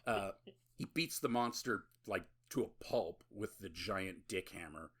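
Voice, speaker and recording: A man's voice: low voice, measured pace, a bit bright, husky. A man co-hosting a podcast, recapping a horror movie in casual, rambling, profane chat and laughing often. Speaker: podcast co-host.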